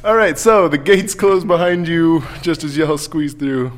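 A man's voice: fairly high pitch, unhurried. A man narrating a tabletop game as game master, casual and laughing, with lots of fillers.

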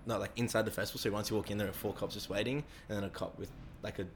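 A man's voice: lowish voice, fairly even intonation, very fast, slight background noise. A young man telling a rambling story in casual, sweary talk, acting out quoted voices. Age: young adult. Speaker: interviewee.

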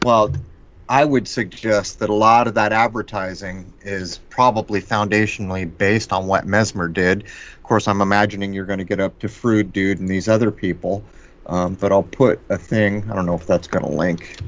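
A man's voice: fairly low pitch, fairly even intonation, moderate pace. A man co-hosting a live stream discussion, talking conversationally and putting questions to the host. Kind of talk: casual discussion. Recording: dull lo-fi stream audio.

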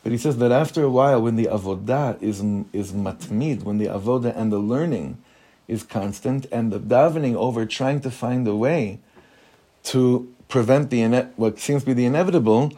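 A man's voice: medium pitch, normal speed, dark tone. A man, a rabbi giving an informal Torah class in a conversational way, mixing Hebrew terms into his English and putting questions to the room.

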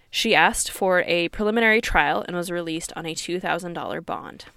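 Smooth-voiced woman narrating true crime. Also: lowish voice, a bit bright, no echo. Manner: reads quoted sources aloud, marking quote and end quote; earnest, conversational narration. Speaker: podcast host.

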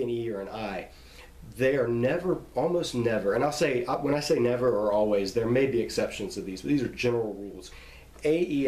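A man's voice: lowish voice, darkish tone, reverberant. A man, a Bible teacher, casually explaining pronunciation rules, restarting phrases as he thinks aloud.

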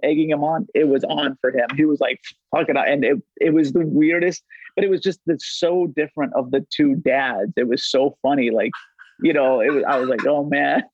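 Casting: man, 40s, podcast guest, slightly high husky voice, rambling swear-heavy anecdotes, dull dry lo-fi sound. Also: steady tone, moderate pace, no echo. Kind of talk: casual storytelling chat.

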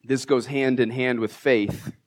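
A man preaching from the pulpit of a church, his voice sitting at an ordinary middle pitch. He speaks with open emotion and warmth toward his congregation, cracking jokes at his own expense. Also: steady tone, measured pace. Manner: emotional, heartfelt, self-deprecating humor. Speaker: pastor. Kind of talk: sermon. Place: church sanctuary.

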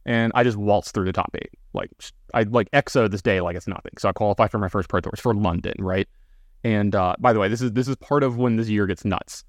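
A man's voice: lowish voice, fairly quick, dry recording, clean studio sound. A man co-hosting a podcast, telling long casual anecdotes full of fillers and asides. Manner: rambling, filler-heavy anecdotes. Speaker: podcast co-host. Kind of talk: casual storytelling.

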